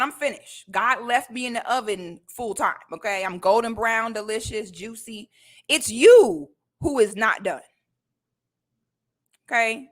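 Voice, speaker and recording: A woman's voice: a little high, expressive, measured pace, fairly bright tone. Sassy woman ranting at the camera. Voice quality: sassy, repetitive "okay?" tag questions. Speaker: vlogger. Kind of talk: confrontational casual rant to camera.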